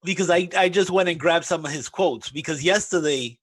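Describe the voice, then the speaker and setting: Man, radio co-host, high voice, casual, incredulous. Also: fairly quick, fairly bright tone.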